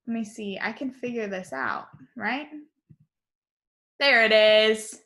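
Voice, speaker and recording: A woman teaching young children a remote lesson from home on her computer, upbeat and encouraging, speaking slowly and clearly. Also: on the high side, a bit bright.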